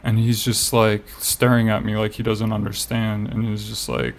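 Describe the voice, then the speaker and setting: A man chatting casually with a rough, gravelly edge to his voice. He tells a story in a loose, meandering way, padding his sentences with "like" and dropping in the odd curse. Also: lowish voice, completely flat delivery, moderate pace. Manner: rambling storyteller, heavy on "like" fillers, swears. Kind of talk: casual chat.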